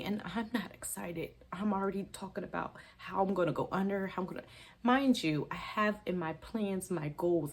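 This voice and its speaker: A woman hosting a budgeting channel, talking casually and emotionally to camera, rambling and correcting herself as she goes, with a gap in her teeth. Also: mid-range voice. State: tearful at times.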